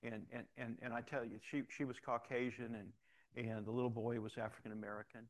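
A man who is both a pastor and a police officer, telling his stories in an animated way, acting out the dialogue and often repeating words as he starts a sentence. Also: mid-range voice, a little fast. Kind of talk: storytelling testimony.

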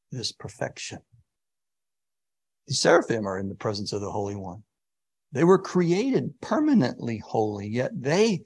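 A man preaching a sermon, swinging from hushed, drawn-out words to sudden booming emphasis. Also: slightly rough.

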